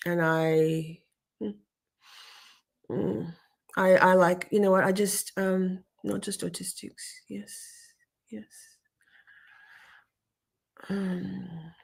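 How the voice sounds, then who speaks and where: This young adult woman speaks extremely slowly in a lowish, husky, gravelly voice with fairly even intonation and many pauses. On a livestream, she vents emotionally about something personal, rambling and cutting herself off, swearing often while thanking viewers in chat.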